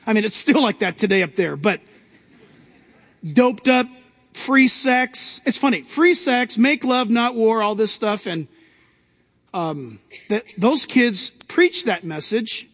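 A pastor delivers a sermon in a very high voice, pushing hard on key lines and rising in bursts. His words ring out with the long reverb of a large sanctuary. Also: animated, slow pace, fairly bright tone. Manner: emphatic preaching with rising outbursts.

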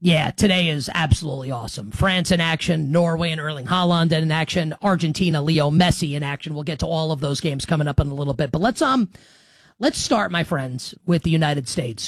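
A man hosting a sports betting talk show on the radio, energetic, joking and fast-talking. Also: fairly high pitch, no echo. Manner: energetic, jokey, quick-talking.

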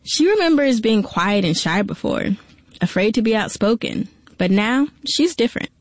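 A woman radio reporter narrating a feature story in a measured, even way. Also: fairly high pitch, no room sound. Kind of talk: scripted narration.

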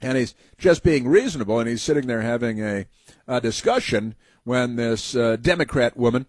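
A man's voice: mid-range voice, lively intonation, normal speed, darkish tone, no echo. Sarcastic guy hosting a talk show, rambly, lots of ums, dry sound. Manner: sarcastic, rambling with many fillers. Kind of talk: opinionated talk commentary.

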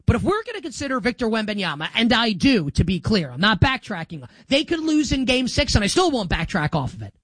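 A male sports talk host in full monologue, sarcastic and emphatic, his pitch swinging up and down for effect. The sound is dry and close, with no room around it. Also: very animated, a little fast, few pauses, fairly bright tone, no room sound.

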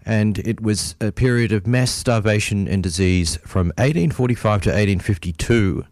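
A man hosting a radio folk music show, talking casually with many pauses and fillers. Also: on the low side, a little mellow, no room sound, studio quality. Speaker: radio host.

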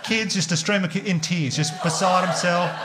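An Australian man telling a stand-up comedy story, animated and swearing, jumping up in pitch to act out the voices of other people. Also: normal speed, heavy background noise. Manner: animated, swearing, acts out quoted voices with big jumps up in pitch.

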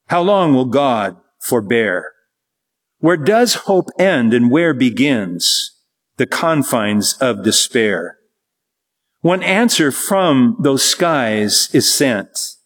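A husky-voiced man preaching at an unhurried pace. He reads scripture slowly and then builds his points with emphatic repetition, his pitch sitting in a middle range. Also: sing-song. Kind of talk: sermon.

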